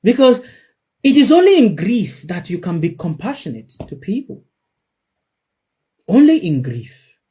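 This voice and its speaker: Lively, high-voiced male preacher. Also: measured pace, pauses often, slightly rough. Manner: emphatic, repeats phrases for effect. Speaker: spiritual teacher. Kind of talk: sermon. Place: before a live audience.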